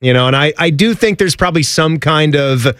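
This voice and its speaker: A man's voice: fairly high pitch, expressive, brisk, fairly bright tone, smooth, no echo, clean studio sound. A married man co-hosting a podcast, chatty and rambling in casual banter. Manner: rambling, chatty, trails off and restarts. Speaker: podcast co-host.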